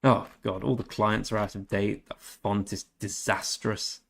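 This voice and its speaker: Fairly low and steady, with vocal fry and a fairly bright tone, this gaming streamer's voice carries a casual live-stream chat. He reads viewer messages out loud, replies to them, and makes halting tries at German.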